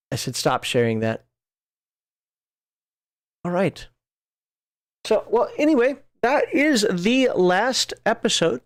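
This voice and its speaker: A man hosting a show, reading rules aloud and wandering off into chatty asides. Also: high-pitched. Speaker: podcast host. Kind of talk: casual rules walkthrough.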